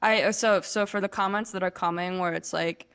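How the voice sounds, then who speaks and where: A woman's voice: medium pitch, steady tone, fairly quick, a bit bright, smooth. Sarcastic woman co-host. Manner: sarcastic, mocking. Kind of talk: reaction commentary.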